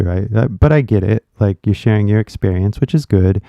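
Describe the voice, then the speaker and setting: A man's voice: fairly low pitch, a little fast, creaky, few pauses, no room sound, highs cut off. A man with a Californian American accent, hosting his channel as an English teacher and rambling in casual chat straight to viewers. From California, USA. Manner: rambling, animated, talks directly to viewers.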